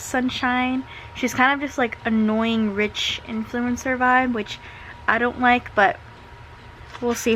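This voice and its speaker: A woman's voice: fairly high pitch, a bit bright, a little hiss or hum. A young woman vlogging casually from bed at home, chatting with lots of filler words like "like" and "um". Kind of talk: casual chat to camera.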